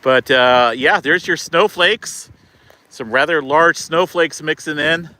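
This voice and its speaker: A man hosting a casual weather vlog outdoors in falling snow beside his car, talking into a handheld camera in an excited, rambling way full of fillers and exclamations. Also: on the high side, takes it slowly. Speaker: weather channel host.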